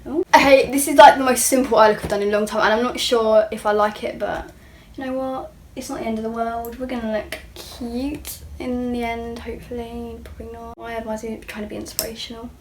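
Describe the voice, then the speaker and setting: A woman's voice: on the high side, level tone, brisk. A young woman vlogger talking through a makeup tutorial in a chatty, self-mocking way, sometimes dropping to a near-whisper. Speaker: beauty vlogger. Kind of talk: casual makeup tutorial chat.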